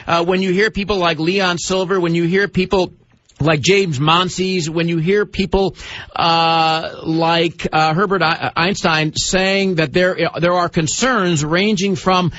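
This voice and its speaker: Radio host, male, high voice, emphatic questioner; dry, close studio mic. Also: steady tone, unhurried, a bit bright, no echo. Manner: emphatic, presses his guest with long multi-part questions. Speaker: radio talk show host. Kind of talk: pointed radio interview questioning. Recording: dull lo-fi radio broadcast audio.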